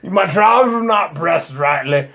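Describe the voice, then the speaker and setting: A man putting on a pompous old British gentleman's voice for a fussy, easily affronted character. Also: on the high side, animated, a little slow, gravelly, exaggerated voice. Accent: mock old British.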